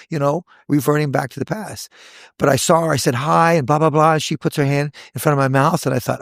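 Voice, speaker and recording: A man in his sixties, a hair educator, telling stories from his career in a lively podcast chat, acting out the voices of people he quotes. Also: on the high side, quick pace, creaky, no room sound, clean studio sound. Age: 60s. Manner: animated storyteller, acts out quoted voices. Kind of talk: casual podcast storytelling.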